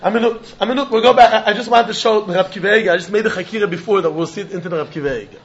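A man's voice: high voice, rapid-fire. A man teaching a Talmud lesson in English peppered with Yiddish and Hebrew terms, acting out both sides of a legal case in quoted voices. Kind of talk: Talmudic lecture. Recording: dull lo-fi recording.

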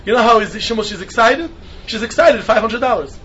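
Man, Talmud teacher, high voice, repeats himself, self-questioning, muffled lo-fi sound. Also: lively intonation, fairly quick, fairly bright tone, a little hiss or hum. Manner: asks and answers his own questions, repeats points. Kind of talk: lecture on Talmudic texts. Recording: dull lo-fi recording.

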